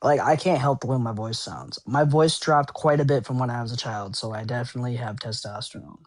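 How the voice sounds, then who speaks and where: A man in his twenties from Minnesota calling into a show, answering in short, defensive replies with a naturally high-pitched voice. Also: a little fast, dry recording. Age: 20s. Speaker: caller.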